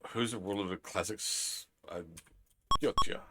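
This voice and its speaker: A Kiwi game streamer from New Zealand chats playfully on a live stream, his voice on the low side and his pace normal. Heavy background noise runs under the casual chatter.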